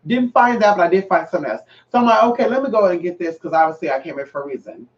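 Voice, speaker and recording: A man who does spiritual readings, chatting casually to his viewers in a sassy, expressive way, swearing freely and getting loud with exclamations. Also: high-pitched, fast. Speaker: spiritual reader and vlogger. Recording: distant, dull lo-fi sound.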